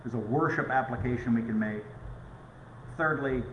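A middle-aged pastor preaching a conversational sermon with stories. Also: male voice, medium pitch, normal speed, highs cut off, slight background noise. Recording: echoey room.

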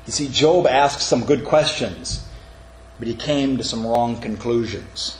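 A man's voice: mid-range voice, a little slow. A man preaching a sermon in an earnest manner, often calling his listeners friends. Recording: echoey room with faint background noise.

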